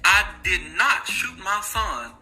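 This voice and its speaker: A man voicing a blunt, self-excusing male killer in a flat, matter-of-fact way, with a somewhat lower voice than his own. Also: slow, over music, full character voice.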